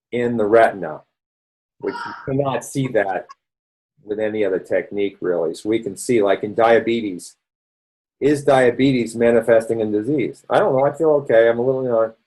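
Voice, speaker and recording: A man's voice: lowish voice, darkish tone, low-quality recording. A man with a Boston accent giving a conversational health lecture, rambling and restarting as he explains. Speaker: doctor presenting a health session. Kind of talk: online presentation lecture.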